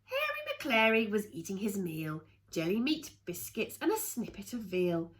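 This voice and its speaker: A woman reading a rhyming picture book aloud to children, in an expressive sing-song way with playful asides. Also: medium pitch, moderate pace. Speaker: children's storyteller.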